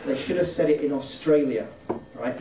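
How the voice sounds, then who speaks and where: A man's voice: medium pitch, moderate pace, background noise. A man doing a stand-up comedy set on a club stage, delivering dry one-liners with offhand asides. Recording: roomy club sound, distant from the mic. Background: audience laughter.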